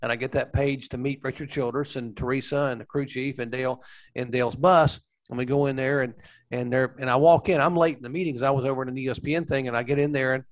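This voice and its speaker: A man's voice: mid-range voice, fairly even intonation, fast talker, poor audio. An older man co-hosting a racing talk show, telling a behind-the-scenes story earnestly and acting out what others said. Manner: earnest storyteller who acts out quotes. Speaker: racing show co-host and former pit reporter. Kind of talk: anecdotal storytelling.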